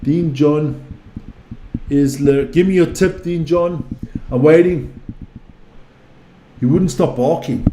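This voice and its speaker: A man's voice: a little high, expressive, unhurried, long pauses, dark tone. A man casually chatting on a live stream, rambling, repeating himself and swearing freely as he reads viewer comments. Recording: echoey room with faint ambient noise.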